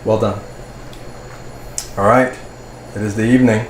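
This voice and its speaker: Male game master, steady descriptive narration, roomy echo. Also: on the low side, unhurried. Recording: echoey room, faint ambient noise.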